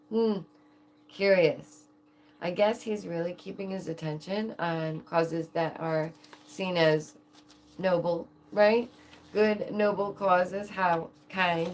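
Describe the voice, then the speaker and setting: A woman's voice: lowish voice, slight background noise. A young adult woman hosting her own channel, chatting casually and playfully to viewers with frequent giggles. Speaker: channel host. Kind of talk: casual livestream chat.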